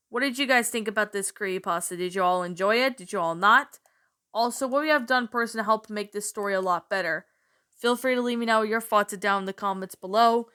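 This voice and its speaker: A woman with a bright, crisp voice talks through her opinion of a story in a casual, rambling way. She hesitates often and keeps softening her own points. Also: mid-range voice. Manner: meandering, hesitant, self-qualifying. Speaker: channel host reviewing a story. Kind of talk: casual spoken review.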